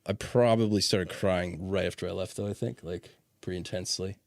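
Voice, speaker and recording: A man's voice: deep voice, steady tone, fairly quick, gravelly, no echo, clean studio sound. A man hosting a podcast, chatting casually, swearing freely and telling stories with laughter. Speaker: podcast host. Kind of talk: casual chat.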